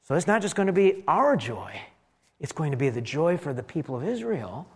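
A preacher telling a dramatic first-person sermon as an elderly priest who talks with exclamations and wry asides about himself. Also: male voice, on the high side, normal speed, breathy edge, long reverb tail, heavily acted. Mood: amazed. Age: older. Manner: animated, exclaiming, self-deprecating asides. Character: elderly male priest, amazed and rueful.

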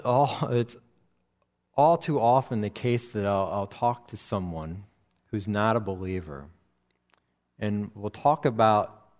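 A man teaching through a Bible passage verse by verse, speaking slowly and deliberately with frequent pauses and restarts. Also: on the low side, darkish tone. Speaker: preacher.

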